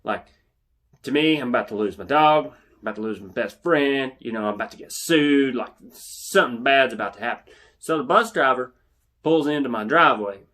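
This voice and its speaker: Animated young man telling a story. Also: mid-range voice, moderate pace. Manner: animated, yells out quoted lines. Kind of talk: casual anecdote telling.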